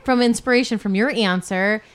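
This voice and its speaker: A woman's voice: on the high side, moderate pace, smooth. A woman co-hosting a casual chat, talking with chatty enthusiasm. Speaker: podcast co-host.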